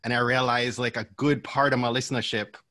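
A man's voice: mid-range voice, fairly even intonation, a little fast, pushed and bright, no room sound. A man with a Jamaican accent blended by years abroad, moderating a panel in an encouraging, enthusiastic way. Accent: Jamaican, blended after years abroad.

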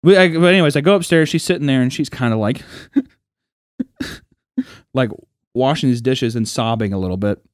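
A man's voice: medium pitch, fast, hardly any pauses, no room sound, studio quality. A young man on a podcast, telling a childhood story in casual, profane chat and acting out the people in it. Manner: animated, profane, acts out quoted voices. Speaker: podcast co-host.

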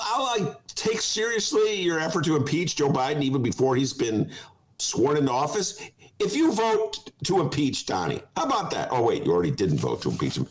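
A man's voice: medium pitch, rough recording. A man hosting a talk show, giving casual comic commentary in a digressive way and often breaking into laughter.

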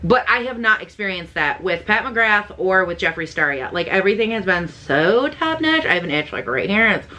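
A young woman vlogging as she unboxes makeup, gushing and excitable, swearing freely. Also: medium pitch, moderate pace, few pauses. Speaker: beauty vlogger. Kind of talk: casual unboxing chat.

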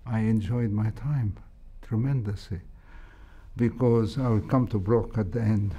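An older man with an Egyptian accent tells stories from his years in surgery, unhurried and thoughtful. His voice is low and mellow, and he pauses often with soft hesitations. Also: fairly even intonation, husky. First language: Arabic. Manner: slow, measured, with frequent hesitations. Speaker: interview guest, heart surgeon. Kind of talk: reflective interview storytelling.

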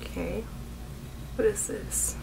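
A woman's voice: slow, noisy background. Gushing young woman unboxing beauty goodies. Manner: gushing, excitable, keeps saying oh my god. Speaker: beauty vlogger. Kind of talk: unboxing vlog.

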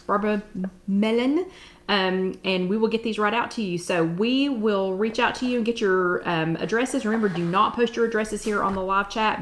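A middle-aged woman, hosting a live-stream chat at home in a bubbly, excited way. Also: mid-range voice. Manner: bubbly and excited, drawn-out exclamations. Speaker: host.

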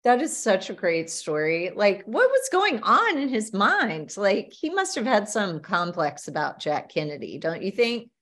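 A woman's voice: medium pitch, sing-song, a little slow, hardly any pauses, fairly bright tone. A woman interviewing a guest, asking questions with eager curiosity and enthusiastic reactions. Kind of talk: conversational interview.

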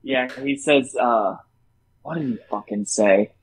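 A man's voice: mid-range voice, measured pace, creaky, slight background noise, rough recording. A young man co-hosting a casual podcast, recapping a TV episode with lots of swearing and acted-out lines. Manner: animated, profane, acts out scenes with laughter. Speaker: podcast co-host.

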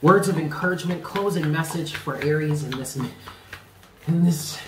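A man's voice: on the high side, moderate pace, reverberant, background noise. A man giving a tarot reading, speaking earnestly and stressing points by repeating them. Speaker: tarot reader.

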